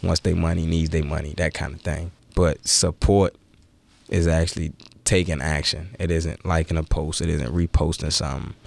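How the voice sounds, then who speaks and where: A man's voice: very deep voice, fairly even intonation, normal speed, vocal fry, no room sound. A man guest on a radio talk show, chatting casually in a laid-back, slangy way. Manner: laid-back, slangy, repeats "you feel me". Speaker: musician guest. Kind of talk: casual radio interview chat.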